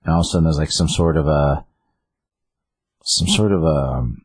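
A man's voice: rumbling low, fairly quick, a little mellow, slightly rough, no echo. A man casually retelling a story's plot in a rambling way, with lots of fillers and quoted lines.

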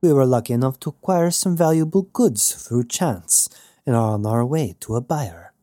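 A man reading an audiobook, voicing a sly, charming male pirate with a smooth, unhurried manner. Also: medium pitch, lively intonation, dark tone, no room sound, studio quality, close to an everyday voice. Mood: smooth, teasing.

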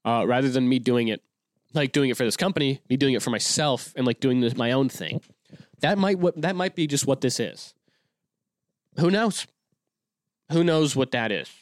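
A man's voice: medium pitch, animated, normal speed, long pauses, no echo. Rambling young man, dry close sound. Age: 20s. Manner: rambling, self-correcting, many fillers and restarts. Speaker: podcast host. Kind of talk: casual solo podcast monologue.

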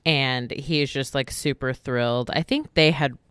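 A woman's voice: very deep voice, measured pace, a bit bright, clear, resonant tone, dry recording. A woman co-hosting a casual podcast chat, rambling with lots of likes and ums. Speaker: podcast co-host.

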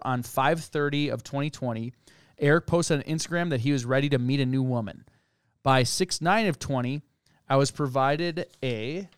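Smooth-voiced man on a dry close mic. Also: medium pitch, no echo. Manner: conversational, reads from case documents, thinks aloud. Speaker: podcast co-host. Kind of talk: casual true-crime discussion.

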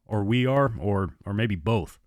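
Brief: grim radio officer, quiet and slow, male narrator. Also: on the low side, expressive, dry recording. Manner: quiet, meaningful.

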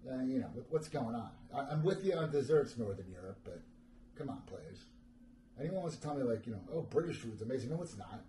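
A man's voice: medium pitch, expressive, fairly quick, mellow. Man, middle-aged, casual livestream host, rambling, crude, echoey room, noisy background. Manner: crude, rambling, self-deprecating with lots of fillers. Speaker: podcast host answering livestream chat.

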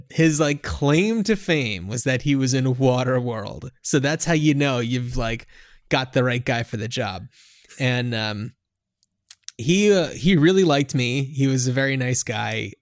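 A man's voice: medium pitch, no echo, clean studio sound. A man hosting a podcast, chatting casually in a rambling way with lots of fillers. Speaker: podcast host. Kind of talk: casual chat.

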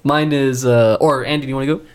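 A man's voice: medium pitch, steady tone, fast talker, clear, resonant tone. A man co-hosting a film podcast, chatting casually and often agreeing. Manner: agreeable, frequent affirmations. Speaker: podcast co-host. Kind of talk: casual film discussion chat.

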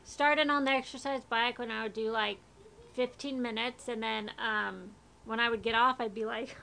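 A woman's voice: fairly high pitch, moderate pace, gravelly. A woman co-hosting a casual podcast chat, telling anecdotes and acting out quotes. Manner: animated, acts out quotes. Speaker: podcast co-host.

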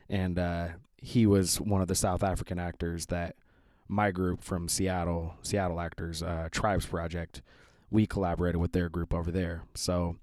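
A man with a very low voice introduces his podcast in a loose, rambling way, pausing on fillers. The recording is dry and close, with no room sound. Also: no room sound. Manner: relaxed, rambling with many fillers. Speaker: podcast host. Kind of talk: casual spoken intro.

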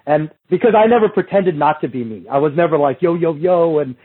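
A middle-aged male podcast guest with a slightly high, husky voice tells rambling anecdotes in casual storytelling chat. His intonation is lively and his pace quick; he restarts often and imitates others when quoting them. The audio arrives over a thin, phone-like remote line.

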